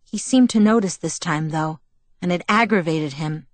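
A woman narrating a first-person novel as an audiobook, measured and expressive. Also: on the low side, no echo.

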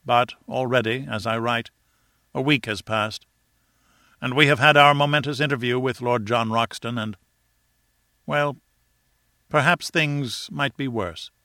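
A man narrates a classic adventure novel with an earnest, dramatic lilt. His voice is bright and forceful, and the recording is dry and close to the mic. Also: medium pitch, unhurried, pauses often, no room sound. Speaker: audiobook narrator. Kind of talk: first-person literary narration.

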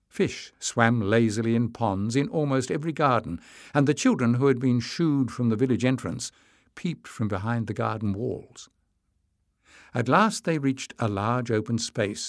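Reading scripted narration for an audiobook, a man tells the story steadily and evenly. He has a mid-range voice, captured at studio quality with no echo.

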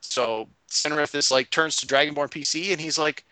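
A man recaps last week's tabletop game as its game master, his voice bright and forward. He tells it casually and animatedly, jumping into his players' lines as he goes. The sound is dry and close. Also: a little high, no room sound, rough recording. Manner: animated retelling, quotes players in quick voices. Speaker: game master recounting a session.

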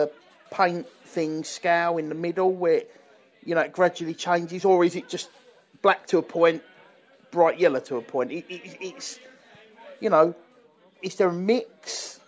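A man co-hosting a podcast in casual chat, rambling with many restarts and fillers. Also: high voice. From England. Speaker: podcast co-host. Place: London.

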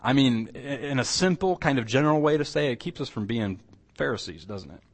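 A man's voice: medium pitch, animated, brisk. A male pastor teaching a church class in a conversational way, asking his listeners questions. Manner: conversational, asks the room questions, restarts phrases. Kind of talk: sermon teaching, closing in prayer.

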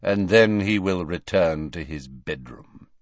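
A man's voice: deep voice, lively intonation, unhurried, dry recording. A man voicing a cold, sneering middle-aged wizard who speaks in a lazy, silky, mocking drawl, recorded dry and dull. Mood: sardonic.

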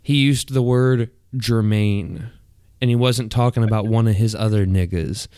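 A man's voice: fairly low pitch, unhurried, dark tone, smooth, no echo, clean studio sound. A man hosting a podcast in crude, profane casual chat, often laughing mid-sentence. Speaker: podcast host.

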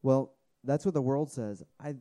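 A man's voice: medium pitch, normal speed, dark tone. A man in his thirties giving a sermon, earnest and conversational, often restarting words and checking in with "okay?". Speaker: preacher.

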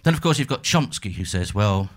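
A man's voice: medium pitch, big pitch swings, fast. A middle-aged man doing a stand-up comedy set on a club stage, dry and mock-pompous with sudden bursts of mock outrage. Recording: live gig with clear crowd noise.

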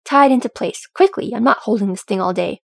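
A woman's voice: mid-range voice, fast, vocal fry, no echo, clean studio sound. A woman reading a storybook, voicing a fussy, grumpy male dwarf quartermaster who screeches his orders. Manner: screeching, bossy, irritable.

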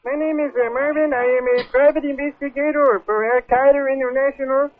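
Man doing a rude blustering fake detective, very high voice, tinny phone line. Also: steady tone, fairly quick, a little hiss or hum. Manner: blustering, insulting, shouting at times. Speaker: prank caller.

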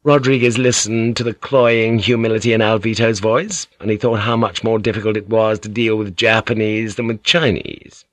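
A man narrating an audiobook novel in a measured, even storytelling manner. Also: on the low side, no echo. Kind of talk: scripted narration.

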